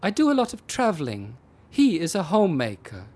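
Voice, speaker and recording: A man reading aloud and voicing a calm, matter-of-fact woman in a storybook. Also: fairly high pitch, fairly quick, slightly rough, voice pushed up, full character voice. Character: calm unflappable German woman abductee.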